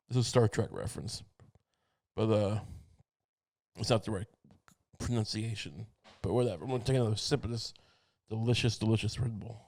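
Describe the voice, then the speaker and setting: A man's voice: fairly low pitch, a little fast, vocal fry, pauses often, darkish tone. Male comedy podcaster riffing solo: profane, meandering, keeps restarting his sentences. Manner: profane, rambling, frequent restarts. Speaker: podcast host.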